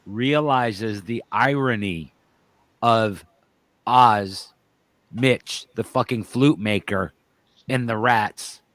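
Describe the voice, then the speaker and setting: A man's voice: lowish voice, extremely slow, long pauses, a bit bright, no echo, low-quality recording. A man chiming in with dry asides. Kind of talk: casual chat.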